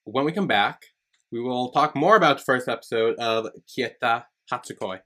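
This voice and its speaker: Man recapping with halting fillers. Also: medium pitch, fairly bright tone. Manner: hesitant plot recap, lots of fillers, acts out lines. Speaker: podcast host. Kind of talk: casual chat.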